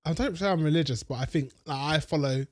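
A man's voice: on the high side, fast talker, a little mellow, no room sound, clean studio sound. A man co-hosting a casual podcast, rambling, swearing and joking at his own expense. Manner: rambling, sweary, self-mocking. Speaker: podcast co-host. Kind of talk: casual chat.

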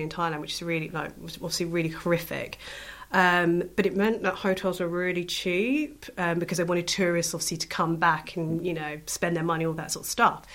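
A woman's voice: fairly low pitch, fairly bright tone. A woman in her thirties telling travel stories as a podcast guest, bubbly and chatty with lots of fillers. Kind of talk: casual storytelling chat.

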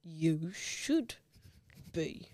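Slow-talking playful woman. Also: low voice, very animated, warm tone, dry recording. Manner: playful, giggly banter. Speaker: podcast co-host. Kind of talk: casual chat.

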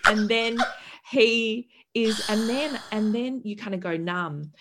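A woman in her thirties, a podcast guest, telling a vivid, expressive story in candid conversation, swearing freely and acting out the voices of others. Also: on the low side, normal speed, vocal fry.

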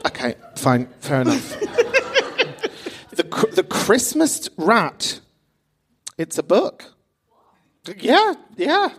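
Giggly woman host, lively voice. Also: mid-range voice, very slow, long pauses, breathy edge. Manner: giggly, incredulous banter. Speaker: podcast host. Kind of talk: casual live podcast chat. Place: small theatre, live audience.

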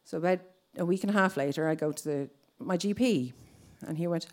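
Irish woman telling a lively personal story. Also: lowish voice, fast talker. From Ireland. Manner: animated, acts out other people's lines.

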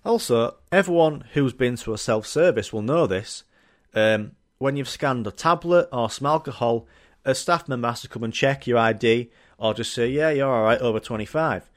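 Animated man ranting jokily. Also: mid-range voice, moderate pace. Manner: rambling, jokey, sweary, animated. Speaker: podcast host. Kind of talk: casual comedic monologue.

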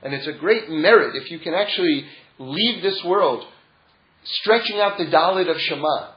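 A man's voice: a little high, normal speed. A man giving an informal religious lecture as a Torah teacher, telling stories in a rambling way and chuckling often. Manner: digressive storytelling with frequent chuckles. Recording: roomy, dull lo-fi sound.

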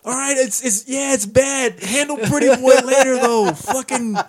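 Man, very high voice, casual chat, excitable, profane, laughs a lot. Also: moderate pace. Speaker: podcast co-host. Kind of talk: casual chat recapping a movie.

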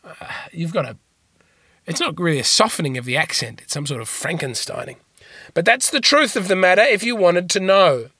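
A man with a bright, forceful voice pitched a little high, talking through listener questions in a loose comic monologue. His delivery is dry and deadpan, wandering from one thought to the next, with the dry sound of a close mic. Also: fairly quick, slightly rough, no room sound. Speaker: podcast host. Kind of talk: casual comedic monologue answering listener questions.

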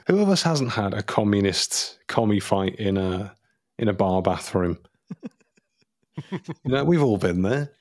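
A man's voice: lowish voice, expressive, slow pace, long pauses, dry recording, studio quality. A man co-hosting a podcast, chatting casually with rambling, self-mocking jokes. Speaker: podcast co-host.

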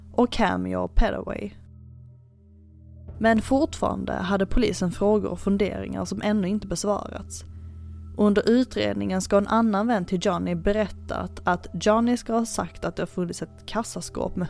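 A woman hosting a podcast, reading a true-crime narration in a calm, even manner. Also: medium pitch, vocal fry. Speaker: podcast host.

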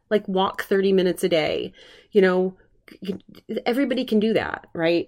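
A woman hosting a solo podcast, talking earnestly and rambling with many restarts, emotional while recovering from covid. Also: mid-range voice. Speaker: podcast host.

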